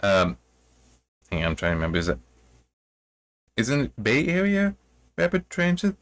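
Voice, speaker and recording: A man's voice: medium pitch, huge pitch swings, moderate pace, fairly bright tone, no room sound. A man reviewing a novel, reading passages aloud and adding rambling, self-correcting commentary. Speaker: book reviewer.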